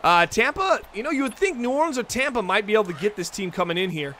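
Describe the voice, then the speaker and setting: High, bright-voiced excitable game commentator man. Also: quick pace, slight background noise. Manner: excitable, chatty, talks straight to the chat viewers. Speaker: livestream host and commentator. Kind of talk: play-by-play commentary on a football video game stream.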